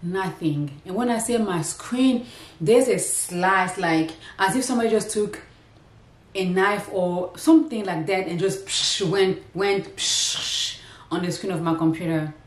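A woman's voice: lowish voice, measured pace. Chatty woman vlogging in an echoey room. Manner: chatty, rambling, talks straight to viewers. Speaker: lifestyle vlogger. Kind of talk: casual vlog chat to camera. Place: indoors at home.

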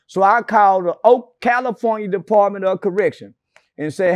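A man's voice: high voice, normal speed, no room sound, clean studio sound. A man being interviewed, telling stories in a brash, profane and mocking way with sarcastic asides. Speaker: interview guest. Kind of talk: casual interview storytelling.

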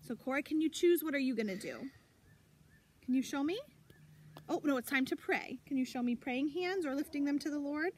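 High-voiced preschool teacher outdoors. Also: female voice, a little fast, slight background noise. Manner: animated, encouraging, speaks to young children. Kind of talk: child-directed circle time lesson.

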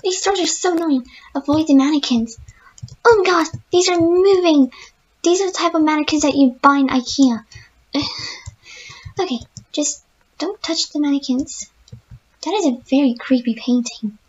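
A woman voicing a timid, gentle young female pegasus pony, playing a game in character and talking to herself with easily spooked, jittery chatter. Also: high-pitched, moderate pace, long pauses, muffled recording, lightly acted. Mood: nervous, scared. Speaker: let's-play gamer in character.

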